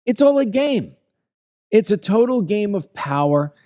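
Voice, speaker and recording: A man in his fifties with a Long Island accent hosts a heated opinion monologue. He talks in a somewhat high voice and hammers his points home by repeating them. The sound is dry, with no room echo. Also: big pitch swings, measured pace, mellow. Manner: emphatic, ranting, repeats phrases. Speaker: commentary show host.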